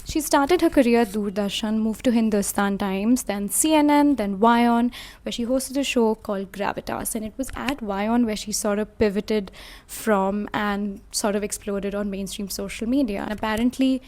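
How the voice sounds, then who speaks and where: Speaking at a normal pace, this medium-pitched woman sounds a little mellow. She's from India and is reading scripted commentary for a video essay, thoughtful and a bit casual, often hedging with filler words.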